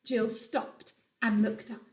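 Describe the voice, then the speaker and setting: Woman teacher, children's storybook read-aloud, animated dramatic telling, slightly high voice, recorded at home. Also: slow pace. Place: at home during lockdown.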